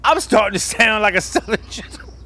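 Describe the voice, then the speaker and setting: A man's voice: sits high, expressive, a crowd in the background. A man doing a comedic impression of an older male soul singer who sweet-talks and calls everyone baby. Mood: smooth, teasing. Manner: croons "baby" at the end of lines, drawn-out and teasing. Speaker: podcast co-host.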